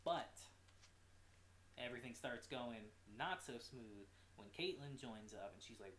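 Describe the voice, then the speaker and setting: A man giving a casual, animated recap of a show episode as a reviewer, with swearing and quick asides. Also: medium pitch, reverberant, slight background noise. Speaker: anime reviewer.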